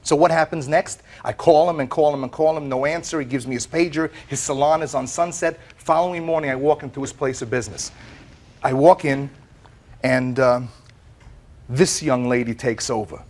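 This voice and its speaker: A middle-aged man testifying as plaintiff in a courtroom, telling his story in an animated way, acting out what others said, often repeating words and restarting. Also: medium pitch, moderate pace. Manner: animated storyteller, quotes others in lively voices.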